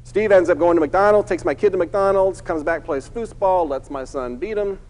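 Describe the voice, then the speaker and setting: A middle-aged man tells a story from the stage as a keynote speaker. His voice sits a little high for a man, and he acts out each person he quotes with lively energy. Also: moderate pace, rough recording.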